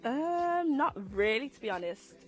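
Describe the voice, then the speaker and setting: A young woman from Birmingham, a guest on a chat show, who gives brief, soft-spoken answers. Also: high voice, big pitch swings, unhurried, faint music behind. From Birmingham, England. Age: young adult. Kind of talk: casual interview answers.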